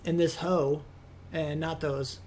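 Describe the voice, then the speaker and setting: A man's voice: a little high, flat delivery, takes it slowly, a little mellow, slight background noise. A man hosting a modded game let's play, talking casually through his gameplay with rambling asides and easy exasperation.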